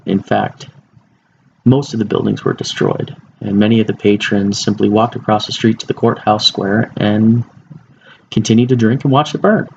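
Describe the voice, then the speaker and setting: A man's voice: lowish voice, steady tone, moderate pace, gravelly. A young man giving an informal informative speech, talking casually with fillers and restarts. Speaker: student speaker. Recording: muffled lo-fi recording with faint background hiss.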